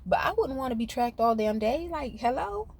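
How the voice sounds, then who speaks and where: A woman's voice: high-pitched, big pitch swings, brisk. A woman giving a casual, profane recap of a reality show, laughing often and talking straight to her viewers. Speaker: reality TV commentator.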